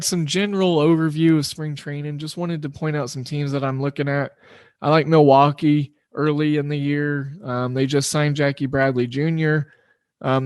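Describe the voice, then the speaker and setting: A man with a slightly higher voice runs a solo sports betting podcast, chatting loosely and poking fun at himself. His delivery rambles in a relaxed way. The recording is close and dry, with no room sound. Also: clear, resonant tone, dry recording. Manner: loose, rambling, self-deprecating. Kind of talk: casual solo podcast talk.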